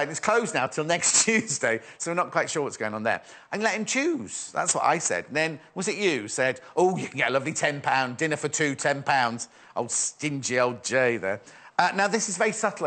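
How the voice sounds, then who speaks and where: Chatty lively TV presenter man. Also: medium pitch. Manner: chatty, rambling, jokey, reads viewer messages aloud. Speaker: TV shopping presenter. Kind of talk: live shopping channel chat.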